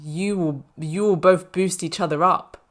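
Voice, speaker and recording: Chatty low-voiced woman tarot reader. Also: unhurried. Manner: chatty, reassuring, frequent "you know" fillers. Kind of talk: casual spoken tarot reading.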